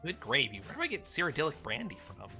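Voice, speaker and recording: A male livestreamer talking casually through his gameplay, full of little chuckles and rambling asides. His voice moves in lively ups and downs. Game music plays clearly underneath. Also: fairly high pitch, fast talker.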